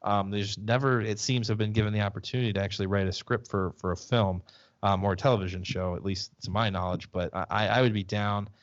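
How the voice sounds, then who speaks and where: A man's voice: lowish voice, steady tone, quick pace, lo-fi sound. A man co-hosting a casual podcast, telling stories over a video call with many restarts and fillers. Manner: rambling storyteller with frequent restarts and fillers. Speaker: podcast co-host.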